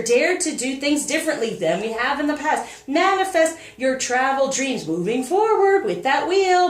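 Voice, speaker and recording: A woman giving a casual spoken tarot reading as a spiritual coach, upbeat and encouraging. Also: sits high. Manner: upbeat, encouraging, animated with laughs and quoted asides. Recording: echoey room, voice a bit far from the mic, faint noise.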